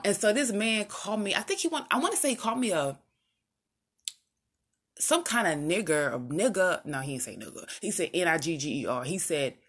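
Rambling, low-voiced woman telling stories. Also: slightly rough. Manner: rambling, conversational, loses her track and restarts; animated, acts out what others said. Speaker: vlogger. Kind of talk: casual personal storytelling to camera.

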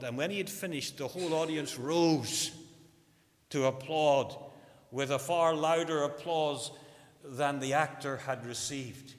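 A man preaching a sermon, slow and emphatic, stressing key words. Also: a little high. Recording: long hall reverb.

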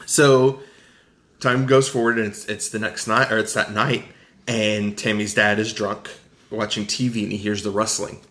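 A man with a Southern US accent recapping a film in casual podcast chat, animated and jokey. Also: on the low side, normal speed. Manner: animated, jokey, acts out quotes. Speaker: podcast co-host.

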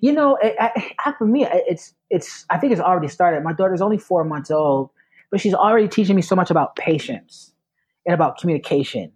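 Husky-voiced man, earnest and reflective. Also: high-pitched, animated, a little fast, low-quality recording. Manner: earnest, reflective, repeats phrases for emphasis. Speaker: guest, new parent. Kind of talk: casual conversation.

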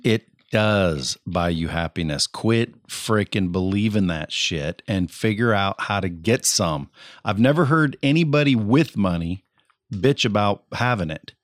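A blunt, profane man hosting a podcast, lecturing his listeners and calling them folks. His voice sits on the low side. The studio sound is dry and close. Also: expressive, a little slow, no room sound. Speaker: podcast host. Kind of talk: casual podcast interview.

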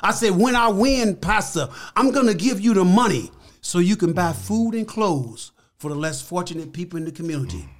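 An older man telling stories as a podcast interview guest, emphatic and animated, acting out the voices of people he quotes. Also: high-pitched, brisk. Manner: emphatic, repeats key words.

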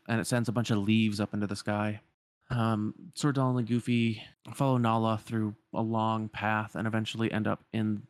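A man's voice: on the low side, no room sound. Chatty man retelling a game. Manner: chatty, with frequent fillers and restarts. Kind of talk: casual retelling of a game cutscene.

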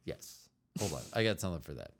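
Speaking quickly in a low, very animated voice over a very noisy recording, an American man co-hosts a casual podcast with his partner. His talk rambles and meanders, and he often trails off.

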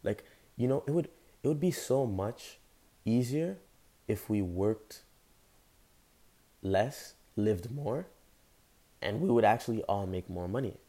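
A man's voice: lowish voice, lively intonation, slow pace, pauses often, warm tone. A young man giving an impassioned, rambling motivational monologue as a show host, talking casually with slang. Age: young adult. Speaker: podcast host.

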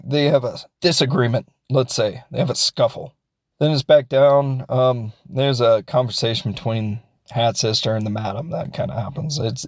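A man's voice: medium pitch, no room sound, studio quality. A man casually recapping a film as a reviewer, rambling and joking and acting out the characters. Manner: rambling, jokey, acts out characters.

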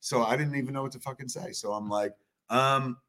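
A middle-aged man telling a story as a guest on a live chat show, swearing constantly and animated. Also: mid-range voice, fairly quick, slight background noise.

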